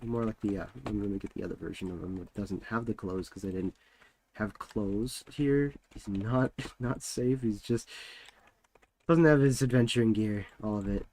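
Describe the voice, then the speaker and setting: A man's voice: on the low side, moderate pace, a little mellow. A young man streaming from home, chatting casually and rambling with lots of filler words while he works.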